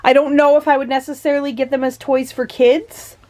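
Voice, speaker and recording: A woman's voice: high voice, level tone, a little fast, darkish tone, low-quality recording. Chatty young Minnesotan woman vlogging. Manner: chatty and gushing, many fillers. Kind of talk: casual vlog chat.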